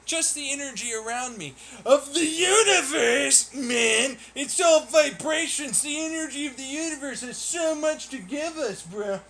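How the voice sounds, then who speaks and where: A man's voice: very high-pitched, sharp tone, voice pushed up, heavily acted. A man voicing a mocking caricature of a stoner who believes in free energy, gushing and preachy. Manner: gushing, preachy, drawn-out exclamations.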